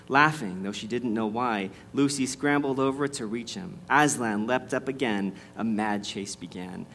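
A man's voice: medium pitch, fairly bright tone, slight background noise. Man reading a storybook aloud. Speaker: devotional host reading aloud.

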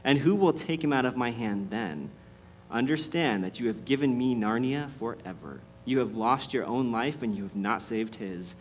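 A man voicing a cruel, triumphant witch queen from a storybook, speaking in a hushed, low menace. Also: expressive, moderate pace, slight background noise, close to an everyday voice. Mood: gloating.

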